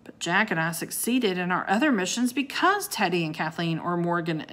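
A woman's voice: lowish voice, sing-song, moderate pace, fairly bright tone. A woman voicing a curious, outspoken young girl who asks forthright questions.

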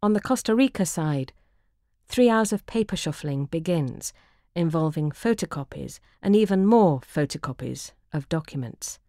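In an audiobook, a woman reads her own travel memoir in a very low, mellow voice with lively intonation. Her delivery is dry, wry and measured. The recording is close and dry, with no room sound or echo.

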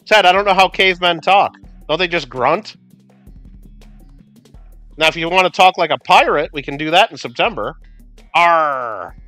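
A man's voice: sits high, lively intonation, moderate pace, pauses often, sharp tone, dry recording, soft background music. A man hosting a game livestream, rambling casually and answering viewers by name. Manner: rambling, chatty, talks to chat by name. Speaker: livestream host. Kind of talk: casual gameplay livestream chat.

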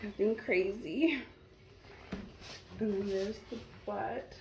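Young female vlogger, middle pitch, chatty and gushing, home camera mic with faint hiss. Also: slow, darkish tone. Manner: chatty, gushing, talks straight to viewers. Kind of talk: casual try-on haul chat.

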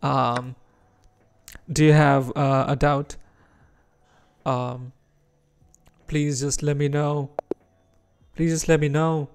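Streamer, man slow-talking Indian chess streamer. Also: on the high side, flat delivery, smooth. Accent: Indian English with American and British touches. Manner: unhurried, chatty, reacts aloud to his own moves. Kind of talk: casual live-stream chat while playing chess.

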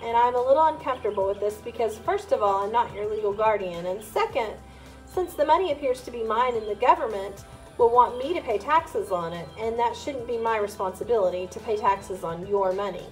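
A woman's voice: fairly high pitch, expressive, a little fast, faint music behind, natural voice. A woman reading the part of an adult man who patiently explains investments and apologizes. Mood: explaining.

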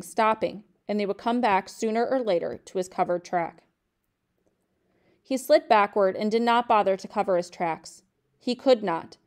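Woman, teacher, reading a novel aloud, steady, measured pace, mid-range pitch.

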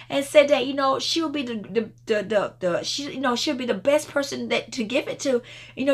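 A woman's voice: high-pitched, a bit bright. A woman minister speaking informally in a devotional prayer video, telling a rambling story with many restarts and bursts of laughter.

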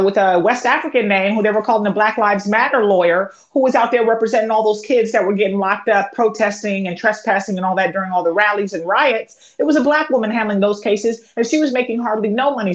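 A woman's voice: mid-range voice, fast, hardly any pauses. A woman lawyer co-hosting a livestream, talking in a heated, emphatic, profane way. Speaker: co-host and lawyer. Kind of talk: livestream commentary. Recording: dull lo-fi audio.

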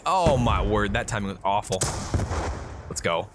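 A man's voice: fairly low pitch, moderate pace. Hyped young man calling his own gameplay. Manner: hyped, excitable, trash-talking. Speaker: gaming youtuber. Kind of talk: live gameplay commentary. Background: music and gunfire from the game.

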